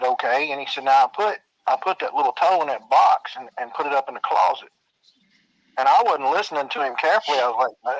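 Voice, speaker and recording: A man's voice: mid-range voice, no echo, low-quality recording. A man telling a spooky childhood story in a casual, drawling way, swearing and making sound effects. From Arkansas.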